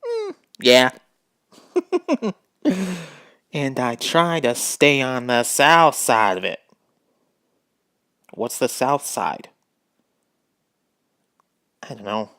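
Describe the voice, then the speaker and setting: In a slightly high, fairly bright voice, a man reads a children's book aloud at home, slipping into a drawl for the dog narrator and breaking off to mock the text. The sound is dry and studio quality.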